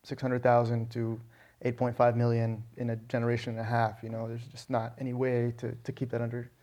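A man's voice: medium pitch, fairly quick. A middle-aged man from Alabama, a novelist answering interview questions with lots of restarts and "you know"s. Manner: animated storyteller with frequent restarts and "you know". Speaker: guest, novelist.

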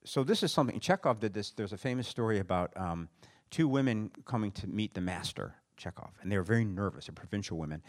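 A man in casual conversation, telling anecdotes animatedly and laughing often. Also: lowish voice. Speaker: interviewer and friend.

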